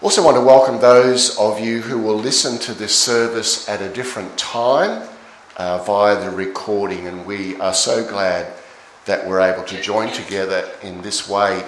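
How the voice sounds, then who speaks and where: A man leading a church service as its minister, his voice croaky today, speaking in a measured way with frequent fillers. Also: fairly low pitch. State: hoarse. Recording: echoey church, faint noise.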